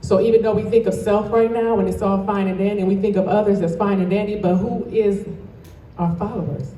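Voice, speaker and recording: A woman from Toledo, Ohio, delivers an emphatic motivational speech and calls out to the audience directly. Her voice is mellow and relaxed in tone. It sounds echoey, as if picked up from a distance in a large event hall. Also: medium pitch, brisk, slight background noise. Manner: passionate, emphatic, addresses the crowd directly. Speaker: guest speaker and dance studio owner.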